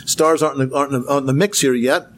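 A man's voice: medium pitch, steady tone, racing. A man giving a Bible lecture with slides, earnest, asking rhetorical questions and repeating words for emphasis. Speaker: Bible teacher.

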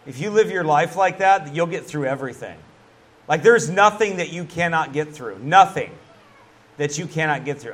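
A man preaching a conversational sermon as a pastor, animated, with laughs and asides. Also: a little high, normal speed.

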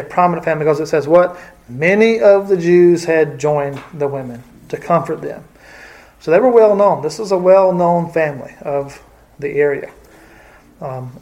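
Guy leading bible study, kinda high voice, lots of uhs and restarts. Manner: hesitant, many fillers and restarts. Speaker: Bible teacher. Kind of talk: casual Bible study lesson.

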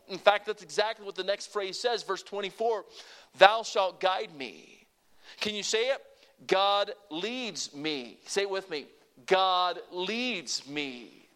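An older male pastor preaching with a high-pitched voice. He delivers his sermon emphatically, dropping to a hush and then rising loud again, and he asks the congregation to repeat short phrases back to him.

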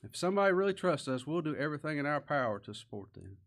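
A man preaching a sermon, swinging between quiet stresses and raised, impassioned emphasis. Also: fairly high pitch, very animated, fast talker. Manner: impassioned, rising and falling emphasis. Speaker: pastor.

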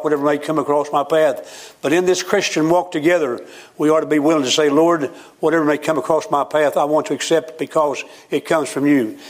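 An older man preaching a sermon in a folksy storytelling manner, quoting scripture along the way. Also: on the high side.

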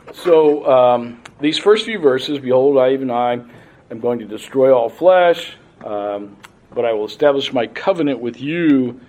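Man teaching a Bible class. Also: mid-range voice. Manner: explains patiently, reads scripture aloud, frequent ums.

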